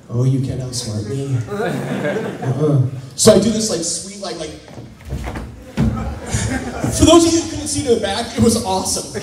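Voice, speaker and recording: A man speaking at a conference, telling a funny personal story to a live audience in an animated, self-mocking way, acting out the scenes. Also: sits high, noisy background. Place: large conference hall. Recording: echoey hall, voice picked up from a distance.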